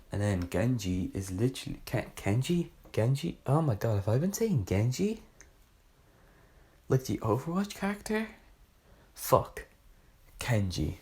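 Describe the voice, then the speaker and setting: A man's voice: sits low, a little mellow. A young man casually reviewing a book, rambling and sarcastic, often correcting himself mid-sentence.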